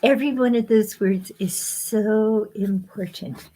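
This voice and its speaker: Slow, measured woman sharing spiritual teaching. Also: medium pitch, mellow. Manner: slow, measured phrasing with frequent pauses. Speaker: guest author.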